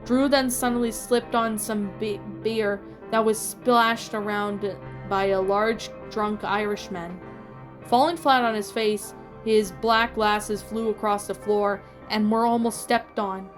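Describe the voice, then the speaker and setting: Woman reading fan fiction out loud, steady voice, tiny slips, quiet music under. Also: mid-range voice, slow. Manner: steady storytelling with small slips. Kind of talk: reading a story aloud. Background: faint music.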